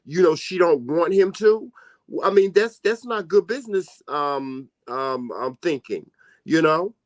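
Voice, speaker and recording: A man's voice: fairly high pitch, lively intonation, a little slow, no echo. A man co-hosting a casual chat, earnestly giving advice and repeating points for emphasis. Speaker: co-host.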